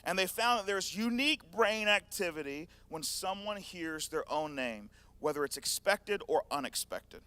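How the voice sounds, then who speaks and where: A male pastor preaches in a casual, animated way, slipping into the people in his story. His voice sits high and bright. The sound is dry and close, with no echo. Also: normal speed, hardly any pauses, smooth. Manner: animated storytelling, acting out scenes. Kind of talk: sermon.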